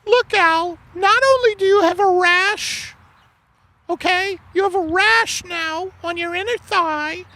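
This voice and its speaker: A man voicing a pushy middle-aged wife in a high squealing falsetto. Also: slow, pushed and bright, exaggerated voice. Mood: shrill nagging. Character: shrill nagging middle-aged wife Margaret.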